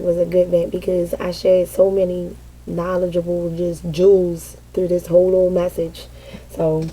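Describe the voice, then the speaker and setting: A woman's voice: mid-range voice, warm tone, breathy edge. A woman giving a casual vent session to her viewers as a tarot reader, dramatic and profane, often breaking into laughter.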